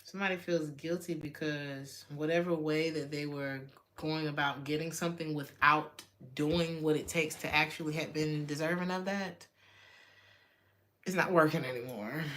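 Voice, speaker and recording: A woman's voice: sits low, a bit bright, slight background noise. A woman giving a casual tarot reading, blunt and loose-tongued, swearing freely and laughing often. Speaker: tarot reader.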